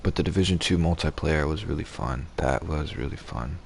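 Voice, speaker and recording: A man's voice: rumbling low, brisk, vocal fry, a little hiss or hum. A man streaming a game, chatting casually and rambling, with swearing and restarts. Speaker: gaming streamer. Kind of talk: casual gaming chat.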